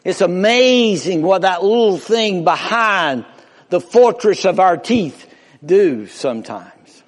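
A man preaching a sermon with slow, emphatic rises and falls. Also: sits high, expressive, in a large hall. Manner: slow, emphatic preaching with rising and falling delivery. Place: church.

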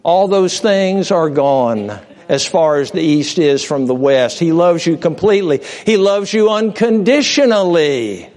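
An expressive pastor preaches passionately at a measured pace, shifting between raised cries and soft, hushed storytelling. He repeats and restarts words often and talks straight to his listeners.

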